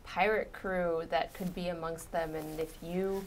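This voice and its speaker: Woman, tabletop player, persuasive, halting, faint noise. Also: on the low side, fairly even intonation. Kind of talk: tabletop role-play banter.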